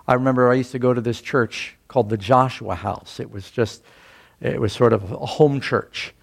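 An older man preaches in an easygoing, conversational way and weaves a personal story into the sermon. He speaks at a moderate pitch and pushes up louder and higher whenever he quotes scripture or other people. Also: normal speed, gravelly, slightly rough. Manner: conversational, rising loudly for quoted scripture and speech. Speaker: pastor.

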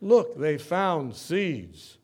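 A man preaching a sermon as pastor, swinging from loud emphatic bursts to soft storytelling. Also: fairly high pitch, big pitch swings, drawn-out words, breathy edge.

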